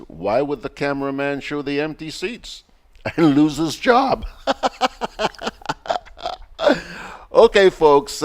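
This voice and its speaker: Grenadian guy hosting a morning show, slow easy talk, pitch jumps all over. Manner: chatty, playful, emphatic asides. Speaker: show host reading viewer comments. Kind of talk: casual live chat.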